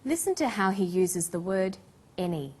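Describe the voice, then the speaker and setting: A woman narrating an English language lesson in a clear, scripted teaching manner. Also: mid-range voice, sing-song, a little mellow. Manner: slow, clear teaching delivery.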